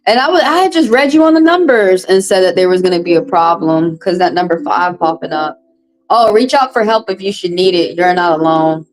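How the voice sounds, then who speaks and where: A woman with a Southern US accent reading tarot on a live stream, chatting casually in a profane, animated way. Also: fairly low pitch, brisk, soft background music, poor audio. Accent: Southern US, Texas. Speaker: tarot reader.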